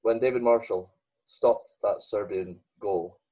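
A man's voice: on the low side, unhurried, warm tone, husky, rough recording. A young Scottish man co-hosting a casual podcast chat, talking hesitantly with many fillers and restarts. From Scotland. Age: young adult. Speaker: podcast co-host.

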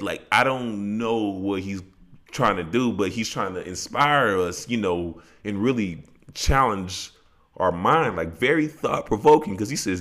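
A man's voice: lowish voice, a little slow, a bit bright. A man talking through a song in a casual podcast chat, reflective and full of "you know" asides. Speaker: podcast co-host.

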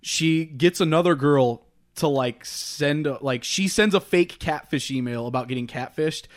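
A man's voice: fairly high pitch, normal speed. A young man chatting casually as a podcast co-host, rambling with lots of fillers and swearing. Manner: rambling, filler-heavy and profane. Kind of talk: casual chat.

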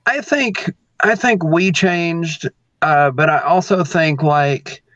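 A man, a pro wrestler guest, telling a story in a loose, animated way, laughing often and acting out the lines of the people in it. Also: a little high, takes it slowly, lo-fi sound, slight background noise. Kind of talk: casual storytelling.

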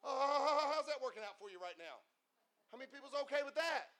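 A man preaching a sermon as pastor, joking with the congregation and building to shouted passages. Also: very high voice, expressive, a little fast, no echo.

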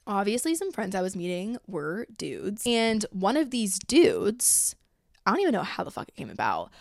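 A woman's voice: medium pitch, gravelly, no room sound, clean studio sound. A young woman in her twenties hosting a podcast, talking casually in a blunt, profane, chatty way. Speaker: podcast host. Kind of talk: casual chat.

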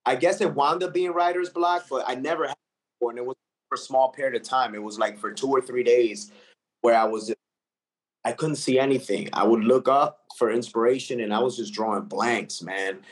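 A man's voice: medium pitch, fairly quick. A man, a recording artist, talking casually and earnestly in an interview, reflecting on how he writes, with lots of "like" and "man" fillers.

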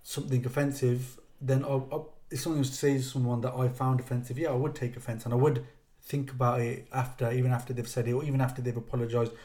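A man's voice: mid-range voice, level tone, fast, warm tone. Rambling male podcast host. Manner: rambling, repeats himself while searching for words. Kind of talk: casual interview chat.

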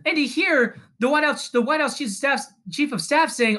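A man's voice: very high voice, expressive, a little fast, few pauses, pushed and bright. A man hosting a podcast, delivering an angry, profane political rant that rambles with frequent restarts. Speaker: podcast host.

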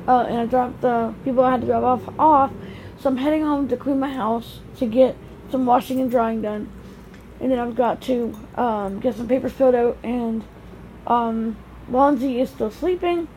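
A woman's voice: fairly high pitch, normal speed, darkish tone, slight background noise, rough recording. A mother talking casually to camera in a rambling daily vlog, moving between her car and her home. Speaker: vlogger, mother.

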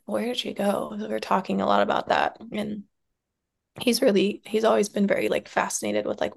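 A woman speaking softly and from the heart in a reflective interview, with many pauses and fillers. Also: medium pitch, gravelly. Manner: soft, heartfelt, with many likes and trailing pauses. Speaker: podcast guest, somatic practitioner and dance teacher.

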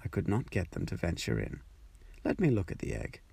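A man's voice: deep voice, wildly swooping pitch, a little fast, gravelly, darkish tone, breathy edge, dry recording, exaggerated voice. A man voicing a bossy old female duck who gives know-it-all advice in a storybook.

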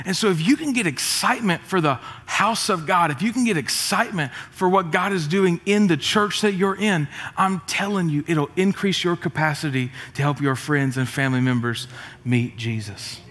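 A middle-aged pastor preaches a lively, joking sermon to his congregation. His voice sits high for a man and often swells into shouts. It rings with the long reverb of a large church hall. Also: normal speed. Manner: energetic, joking, rising to shouts. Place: church auditorium.

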